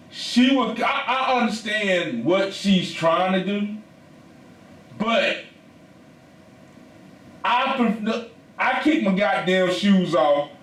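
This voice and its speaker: Man, podcast co-host, high voice, animated and profane chat, echoey room. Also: far from the mic, a little hiss or hum. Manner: animated, profane storytelling with laughs. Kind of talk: casual chat.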